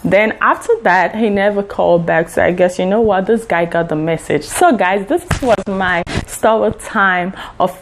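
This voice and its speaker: A woman's voice: mid-range voice, moderate pace, few pauses, slight background noise. A woman vlogger animatedly retelling a story in storytime style, swearing freely. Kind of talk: storytime vlog.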